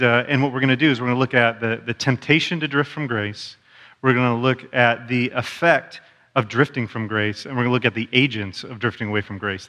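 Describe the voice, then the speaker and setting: A man's voice: mid-range voice, pushed and bright. A man preaching a sermon as a pastor, in a conversational way with self-deprecating humor. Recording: long church hall reverb.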